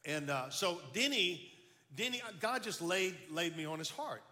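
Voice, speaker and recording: An older man tells his testimony in a folksy, animated way, tripping over his own words as he goes. His voice sits a little high and sounds bright and forceful. Long reverb trails off each phrase, as from a large hall. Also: measured pace. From Baton Rouge, Louisiana. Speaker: speaker giving testimony. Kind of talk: storytelling testimony.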